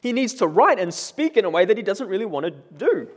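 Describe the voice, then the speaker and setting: A man preaching a sermon in a conversational, animated way, often checking in with the congregation with questions. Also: high voice, a little fast, long reverb tail. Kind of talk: expository sermon.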